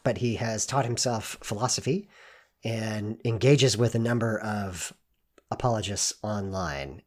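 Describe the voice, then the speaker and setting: A man hosting a podcast, talking in an earnest, measured way with frequent filler words. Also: lowish voice. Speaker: podcast host. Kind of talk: podcast introduction and interview.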